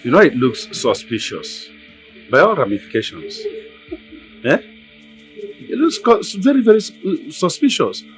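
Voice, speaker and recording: An actor playing a middle-aged chief who soothes a crying queen in measured, formal words. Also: a little high, huge pitch swings, soft background music, rough recording. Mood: calming. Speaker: palace chief. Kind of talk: Nollywood film acting.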